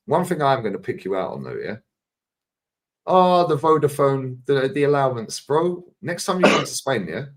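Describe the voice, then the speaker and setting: A man in casual chat, animated, swearing and saying "bro" and "yeah" often. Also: mid-range voice, normal speed.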